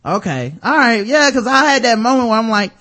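A man in casual podcast chat, animated and profane, laughing often. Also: very high voice, a little fast. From United States. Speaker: podcast co-host.

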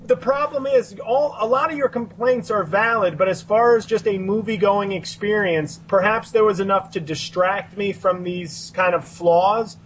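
A man in a casual movie review chat, defending his view in a measured, reasoning way. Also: sits high, fairly bright tone, slight background noise, low-quality recording.

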